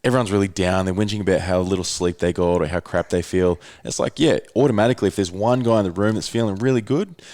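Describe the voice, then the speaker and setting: Casting note: male podcast host, very low voice, quick, affirming, uses upbeat slang. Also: darkish tone. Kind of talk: casual podcast conversation.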